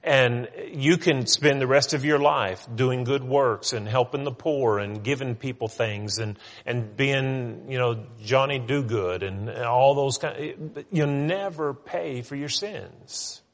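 A man's voice: mid-range voice, slow pace, hardly any pauses, big-room sound. A middle-aged male pastor reading scripture and preaching an earnest sermon. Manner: reads scripture aloud, then preaches earnestly with small restarts.

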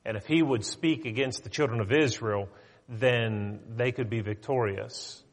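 A man preaching a sermon, retelling a story in a conversational, animated way. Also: mid-range voice, measured pace. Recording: long hall reverb.

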